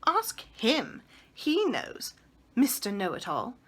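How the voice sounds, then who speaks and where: A woman's voice: fairly high pitch, wildly swooping pitch, slow, a bit bright, breathy edge, heavily acted. A woman reading as Mary Poppins, a haughty prim nanny. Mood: scornful. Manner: clipped, haughty, scornful. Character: prim stern nanny, sniffy and curt.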